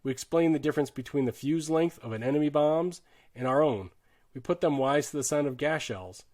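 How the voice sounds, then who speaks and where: A man giving a dramatic audiobook narration of a war novel, earnest and shifting his loudness sharply with the drama. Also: a little high, brisk. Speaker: audiobook reader.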